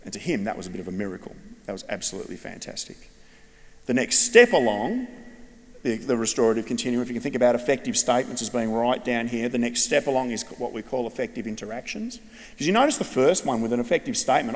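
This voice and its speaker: A middle-aged Australian man giving a conference keynote to a large audience, telling stories in a lively way. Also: mid-range voice, fast. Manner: animated storyteller addressing a large audience. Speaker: education speaker. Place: large hall with long reverb. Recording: long echo of a big hall.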